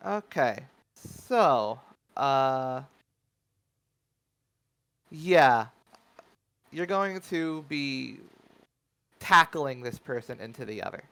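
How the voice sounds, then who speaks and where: Male game master with a gravelly, bright voice and a rambling narration style. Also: mid-range voice, animated, extremely slow, long pauses, dry recording, rough recording. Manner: rambling, filler-heavy narration.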